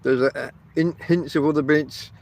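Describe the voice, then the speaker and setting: This host's voice sits on the high side, steady, creaky and a little mellow, moving at a moderate pace. A Barnsley man with a Northern English accent, he rambles through a casual podcast from a tent outdoors, speaking to listeners directly. Fillers pepper his chatty talk.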